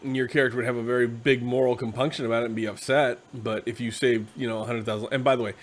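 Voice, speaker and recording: A tired man hosting a casual, rambling explanation of a tabletop game class, slipping into quick acted asides. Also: medium pitch, level tone. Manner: conversational, acts out quick quoted asides. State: tired, yawning.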